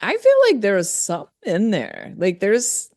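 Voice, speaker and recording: A woman guest on a podcast, chatting casually and reacting quickly. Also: medium pitch, no echo, studio quality. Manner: lively, quick reactions and laughs. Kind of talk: casual interview chat.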